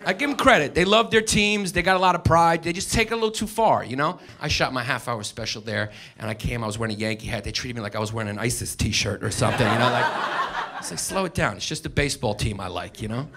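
A man from New York doing a brash, profane stand-up set, mocking and shouting his punchlines to a live audience. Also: medium pitch, quick pace, noisy background. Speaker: stand-up comedian. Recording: live club audience, music behind.

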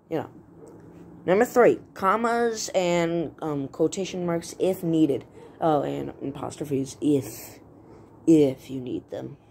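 A woman with a low voice explains basic writing in a loose, casual video lesson. She rambles playfully and keeps stopping to correct herself mid-word, with a faint noise behind her. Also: creaky, a little mellow. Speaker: writing tutorial host.

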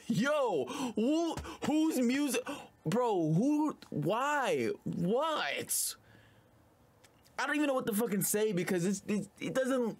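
A husky young man in casual reaction commentary, his voice swinging wildly up and down. He talks loudly and keeps breaking into yells and laughter. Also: very high-pitched, very animated, slow. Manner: loud, yelling, often laughing. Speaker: video reactor.

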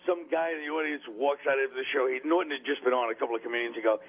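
A man's voice: mid-range voice, rapid-fire, narrow, tinny audio. A man guesting on a radio show, teasing and mocking a friend with sarcastic jabs and little impressions in casual studio banter. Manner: teasing, sarcastic, mimics people. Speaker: guest comedian.

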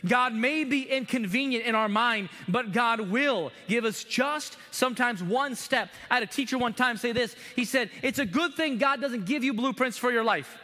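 A middle-aged male pastor preaching a sermon, animated and acting out prayers to God. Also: extremely high pitch, normal speed, hardly any pauses. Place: church sanctuary. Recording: long hall reverb in a church.

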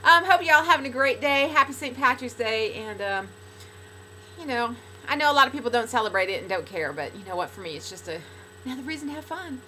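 A middle-aged woman talking casually to fans in a video blog, bubbly and gushing, swinging between loud excitement and soft sincerity. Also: high voice, brisk, slight background noise. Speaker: podcast regular speaking to fans.

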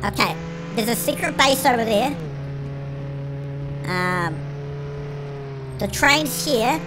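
A performer voicing an excitable cartoon chipmunk in a sped-up chipmunk filter, giving panicky, shrieky game commentary as the channel host. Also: mid-range voice, slow. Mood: frantic. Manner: shrieky, panicky, constantly shouting to friends. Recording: noisy game sounds behind.

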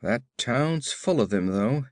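A man voicing a gruff, brawny barbarian warrior who talks in curt growls, read as an audiobook character. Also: medium pitch, expressive, takes it slowly, no echo, studio quality.

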